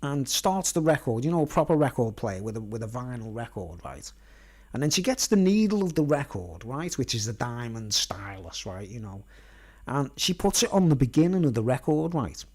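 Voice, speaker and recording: A man's voice: mid-range voice, very animated, normal speed, a little mellow. A man telling a rambling personal story in casual slang, constantly checking in with his listeners. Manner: colloquial, nonstandard grammar. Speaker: vlogger.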